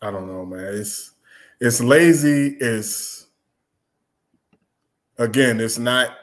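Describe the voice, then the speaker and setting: A man's voice: medium pitch, slow. A man co-hosting a casual chat, talking loosely, laughing often and trailing off mid-thought. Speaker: podcast co-host. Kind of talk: casual chat about rap.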